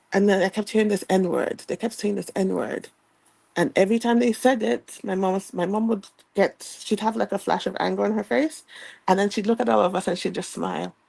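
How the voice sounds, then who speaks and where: A woman's voice: mid-range voice, vocal fry, warm tone, husky, dry recording, rough recording. A woman telling a personal story from her childhood in a reflective way, acting out what was said back then. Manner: reflective, reenacts childhood dialogue.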